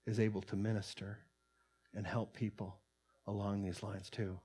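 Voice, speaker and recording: A man's voice: lowish voice, little pitch movement, normal speed, mellow, husky. A man preaching a sermon, reading an interview transcript aloud and commenting earnestly, with many fillers and restarts. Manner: earnest, rising in volume on quotes, many fillers. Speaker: pastor.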